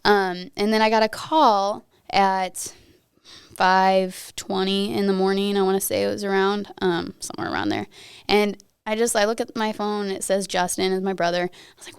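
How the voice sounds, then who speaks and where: A woman's voice: mid-range voice, moderate pace, smooth, dry recording, clean studio sound. A young woman, a podcast guest, earnestly retelling a personal story and acting out what each person said. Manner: earnest, vivid retelling that acts out her own and others' words.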